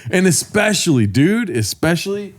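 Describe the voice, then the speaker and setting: A man's voice: sits high, big pitch swings, moderate pace. A man co-hosting a comedy podcast, chatting casually, laughing often and agreeing. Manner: laughing, agreeable, goofy asides. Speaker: podcast co-host.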